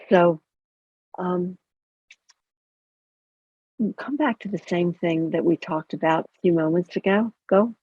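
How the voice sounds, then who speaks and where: A woman who works as a chaplain and educator leads a guided mindfulness teaching on self-compassion, calm and conversational with touches of gentle humor. Her voice is on the low side, husky and slightly gravelly. The recording is dry and dull, typical of a lo-fi video call.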